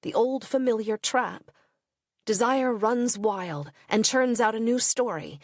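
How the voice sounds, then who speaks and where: A woman narrating a first-person diary in a measured, introspective audiobook reading. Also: no room sound, studio quality. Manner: measured, introspective reading with soft low asides.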